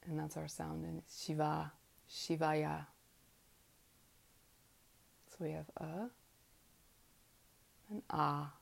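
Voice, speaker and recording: A woman teaching mantra pronunciation in a slow, guided lesson, patiently demonstrating each vowel and consonant aloud. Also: deep voice, little pitch movement, gravelly.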